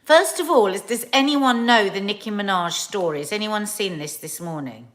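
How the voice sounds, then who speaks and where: Hosting a livestream, a woman in her forties rambles casually and reads comments from her viewers, full of fillers and laughter. She speaks at a moderate pace in a medium-pitched, slightly bright voice.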